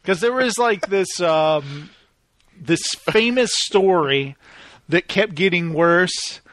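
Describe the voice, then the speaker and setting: A man's voice: high voice, slow pace, no room sound, studio quality. A man telling stories in a casual chat, laughing often as he goes. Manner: laughs often, animated retelling.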